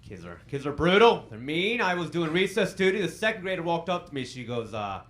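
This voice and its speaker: A man's voice: fairly high pitch, sing-song, brisk, fairly bright tone. A man in his thirties doing a stand-up comedy set on a club stage, self-deprecating, with dry punchlines delivered to the crowd.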